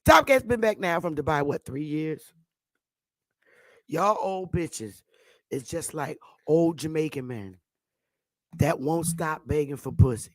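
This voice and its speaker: Woman ranting on a vlog, brash and taunting, slow but pitch jumping all over, dry close sound. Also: lively intonation, dry recording. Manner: brash, taunting, laughs often. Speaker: vlogger. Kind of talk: profane ranting monologue.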